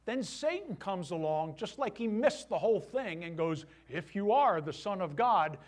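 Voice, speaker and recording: A middle-aged male pastor preaching a sermon to his church, animated, with voiced asides. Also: high voice, normal speed.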